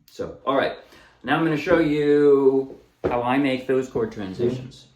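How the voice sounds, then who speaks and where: A man with a mid-range voice, talking a little slowly, teaches a ukulele song in an easygoing way, covering chords and strums and singing snippets while playing. The audio has its highs cut off and a roomy echo, with his voice somewhat distant and the ukulele loud.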